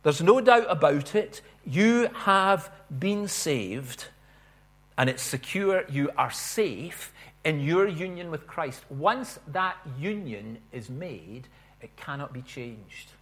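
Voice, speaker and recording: Earnest guy preaching, slows way down to hit the big words. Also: a little high, expressive. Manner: earnest, with emphatic swells and slowed stressed phrases. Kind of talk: sermon.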